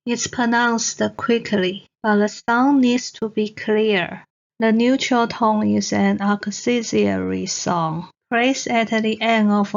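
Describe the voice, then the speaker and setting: A woman teaching Mandarin pronunciation in a slow, scripted lesson narration, enunciating each example word carefully. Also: a little high. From Taiwan. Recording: dull lo-fi recording.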